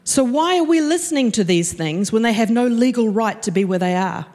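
A woman preaching a sermon, animated and storytelling, acting out the voices she quotes. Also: fairly high pitch, brisk. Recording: long reverb of a church hall.

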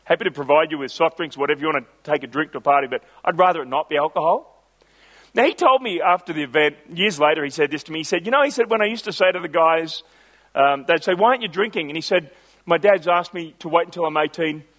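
A middle-aged man delivers a sermon in a high, light voice. He mixes personal stories with scripture and stretches out his main points, slowing right down and getting more emphatic as he goes. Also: fairly bright tone. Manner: builds to emphatic, slowed phrases on key lines. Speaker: preacher.

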